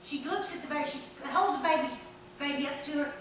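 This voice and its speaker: A woman pastor preaching a sermon, telling folksy stories and breaking into animated shouts. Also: high voice, fast talker, a little hiss or hum. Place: church sanctuary. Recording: echoey church from far off.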